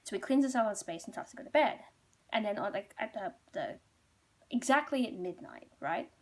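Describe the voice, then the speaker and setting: A woman's voice: mid-range voice, expressive, a little fast. A woman storyteller retelling a folk tale casually, chatty and rambling, with many asides.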